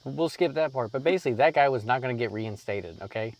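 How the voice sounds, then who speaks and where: A young man hosting a casual Bible teaching from inside a parked car, telling the story in an animated way with lively asides, while crickets chirp outside. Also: mid-range voice, quick pace. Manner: animated storyteller acting out quoted lines. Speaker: ministry host.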